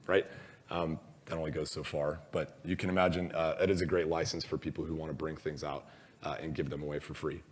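A hoarse man who has lost his voice gives a casual, self-deprecating conference talk, with many ums and uhs. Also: low-pitched. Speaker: conference speaker. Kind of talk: conference presentation. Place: large conference hall. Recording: long reverb of a large hall.

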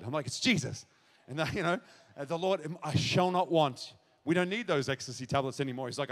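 A man preaching his testimony to a congregation, acting out conversations and building to shouted exclamations. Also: a little high, expressive, brisk. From Australia. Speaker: pastor. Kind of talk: testimony sermon to a live congregation. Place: large church hall at a revival event. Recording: live hall reverb.

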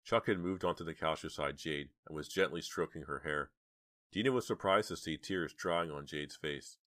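A man narrating an audiobook with measured, dramatic storytelling. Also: extremely low pitch, sharp tone, no echo. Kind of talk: audiobook reading.

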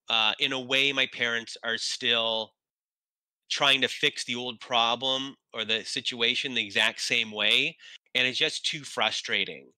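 A man as an interview guest, telling a personal story in a halting way, restarting when moved and close to tears. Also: mid-range voice, pushed and bright, clean tone, dry recording, poor audio.

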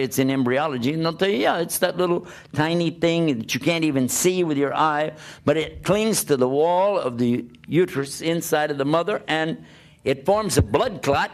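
A man giving a religious talk to an audience, lively and questioning, often acting out the voices of the people he quotes. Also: mid-range voice. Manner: animated, plays out quoted voices and asks rhetorical questions. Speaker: Islamic preacher.

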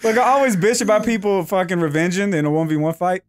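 A man playing a video game with a friend, reacting excitedly and swearing freely. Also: high voice, fast. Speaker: gaming host. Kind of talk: casual gameplay banter.

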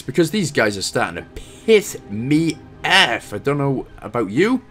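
A man's voice: medium pitch, a bit bright. A Welsh man giving casual, chatty commentary over a video game walkthrough, with self-deprecating, apologetic asides.

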